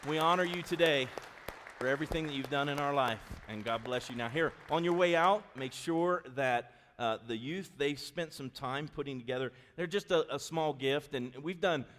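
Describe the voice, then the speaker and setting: Folksy middle-aged pastor in a reverberant church. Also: male voice, on the high side, moderate pace, a faint crowd, a little hiss or hum. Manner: animated, folksy, swings from loud storytelling to soft earnest appeal. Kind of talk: sermon with storytelling. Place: church sanctuary. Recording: long reverb of a church hall.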